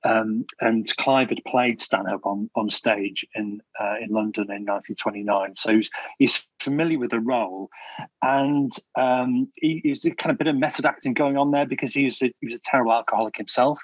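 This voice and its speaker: A man speaks as a podcast guest, working through his points with frequent fillers and restarts. His voice sits at a middle pitch. The sound is dry and somewhat muffled, like a lo-fi recording. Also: steady tone, brisk, dry recording. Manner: hesitant, many restarts and fillers. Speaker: podcast guest, film researcher. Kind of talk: casual podcast discussion.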